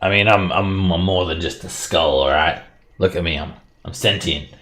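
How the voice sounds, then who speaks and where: A man's voice: deep voice, normal speed, sharp tone. A man voicing a sentient talking skull that protests indignantly.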